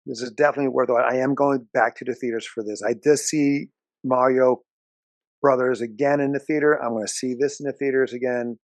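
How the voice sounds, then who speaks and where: A man with a gravelly, mid-pitched voice co-hosts a casual movie review chat. He sounds opinionated and enthusiastic. The room is dry with almost no echo. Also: fairly even intonation, a little fast. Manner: opinionated, enthusiastic, fillers and restarts.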